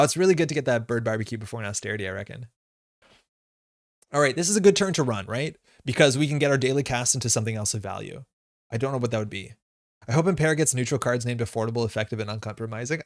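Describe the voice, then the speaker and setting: A man talks his way through a live card game, weighing each move out loud with loose, casual phrasing. His voice sits at an everyday middle pitch, and the sound is dry and close, with no room echo. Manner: thinking aloud, casual, with frequent fillers. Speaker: streamer playing a card game. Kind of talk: live gameplay commentary.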